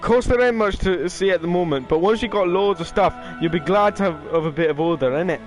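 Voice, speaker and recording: A man's voice: sits high, fast, faint music behind, close to an everyday voice. A man reading game lines aloud as a cheeky little male fairy, trying for an accent. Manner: rough attempt at a regional accent, casual reading.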